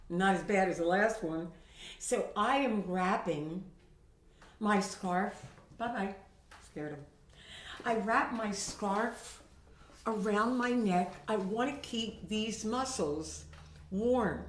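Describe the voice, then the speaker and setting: Slow-talking woman voice teacher in a roomy room. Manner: chatty, demonstrates pitch with her own voice. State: recovering from a sinus infection. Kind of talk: instructional video talk. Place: at home with her cat. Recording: roomy home recording.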